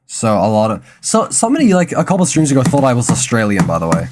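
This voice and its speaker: A man's voice: mid-range voice, wildly swooping pitch, fast. Young man, rambling over game music. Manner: rambling, chatty, reads chat aloud, stumbles over words. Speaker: streamer. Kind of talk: casual gaming stream chat. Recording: game music playing under the voice.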